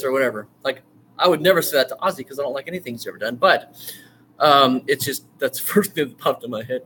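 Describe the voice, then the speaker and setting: A man teaching an online writing course in a loose, rambling way, full of fillers and restarts, now and then bursting into eager excitement. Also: medium pitch, quick pace, a little hiss or hum. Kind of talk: casual screen-share lecture.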